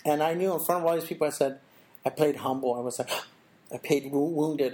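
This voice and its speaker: A middle-aged man, a guest in an interview, tells a personal story in a reflective way. His fairly high voice is a little mellow, and he speaks haltingly, with restarts and short acted-out quotes.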